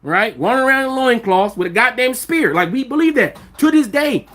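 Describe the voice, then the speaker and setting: A man hosting a live vlog, talking in an animated, profane way and firing off rhetorical questions at his audience. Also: very high voice, normal speed. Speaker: vlog host. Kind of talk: livestream commentary.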